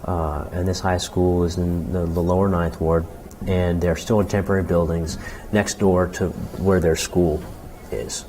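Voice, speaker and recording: A man being interviewed as a jazz clarinetist, talking reflectively with many restarts and growing animated when he quotes others. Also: sits low, measured pace, slight background noise, low-quality recording.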